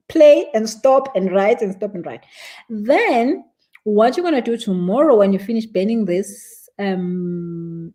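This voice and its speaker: A South African woman teaches a ritual step by step in a chatty, unscripted live stream. Her voice is mellow and soft-edged, sitting at an ordinary middle pitch. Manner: chatty, laughs at her own examples. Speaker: spiritual teacher.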